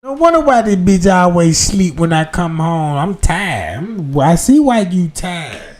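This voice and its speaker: A man with a high voice tells a profane comic story to his livestream audience. He swings from loud, exclaiming bursts down to half-mumbled asides. His delivery is loose, crude and animated. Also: unhurried. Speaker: livestream host. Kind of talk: profane comedic storytelling rant.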